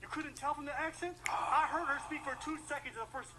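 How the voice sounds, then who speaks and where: A man's voice: extremely high pitch, very noisy. A man co-hosting a casual chat, teasing the others. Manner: teasing, fast-talking.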